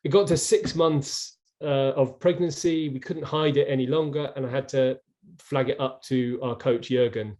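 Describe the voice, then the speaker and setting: A man's voice: medium pitch, fairly even intonation, normal speed, a little mellow. A middle-aged man, a former rower, telling his story earnestly as an interview guest, with many restarts, over a video call.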